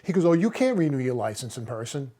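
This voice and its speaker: A man's voice: medium pitch, sing-song, fast, dark tone. A seventy-year-old man, a plumber, telling a story in a casual vlog, exasperated and stumbling over restarts as he retells conversations. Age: 70s. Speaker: master plumber.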